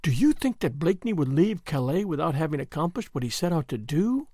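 Man doing a grave, loyal young gentleman. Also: a little high, sing-song, fairly quick, no room sound, studio quality. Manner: quiet, grave, earnest.

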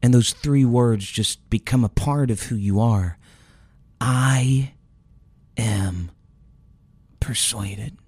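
A man's voice: medium pitch, moderate pace, few pauses, mellow, no echo. A man preaching an earnest, emotional sermon, often restarting phrases as he builds his point.

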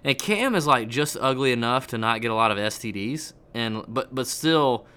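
Bright-voiced joking man. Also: medium pitch, lively intonation, normal speed, clear, resonant tone. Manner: joking, rambling, self-deprecating. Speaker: podcast co-host. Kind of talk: casual banter.

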